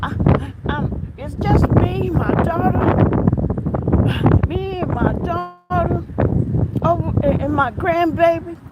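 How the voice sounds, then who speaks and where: A woman's voice: very high-pitched, slow pace, pauses often, muffled recording, heavy background noise, pitched above the performer's own voice. A woman voicing a frantic elderly woman caller who pleads for help, repeating herself breathlessly. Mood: frantic pleading.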